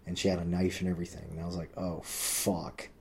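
A man's voice: monotone, rapid-fire, a little mellow, slight background noise. A man telling a rambling personal story in casual chat, swearing often and acting out what others said. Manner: rambling, swears a lot, heavy use of "like"; acts out quoted people with pitch jumps.

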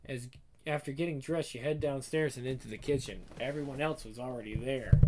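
A man tells a story in the second person, addressing the listener directly. His delivery is casual and conversational, at an ordinary pitch. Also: steady tone, fairly quick, background noise. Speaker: narrator.

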